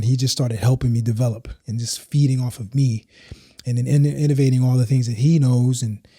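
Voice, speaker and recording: A man's voice: mid-range voice, mellow, slightly rough, no echo, studio quality. A man, a house dancer guesting on a podcast, telling his story in a laid-back, slangy, rambling way and acting out what his friends said.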